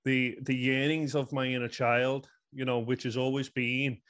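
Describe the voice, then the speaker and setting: A guest in his thirties from Liverpool, England, earnestly tells a personal story, rambling and leaning heavily on "you know." His voice is medium-pitched, level and a bit bright, at a moderate pace.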